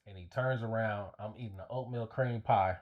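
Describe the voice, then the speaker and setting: A man's voice: lowish voice, normal speed, phone-quality sound. A man guest on a podcast, telling a story in a rambling, profane way with lots of fillers. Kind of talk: casual storytelling.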